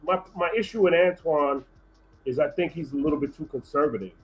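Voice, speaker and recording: A man's voice: fairly high pitch, brisk, low-quality recording. A man on a livestream panel, voicing opinions hesitantly with frequent restarts. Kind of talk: casual discussion.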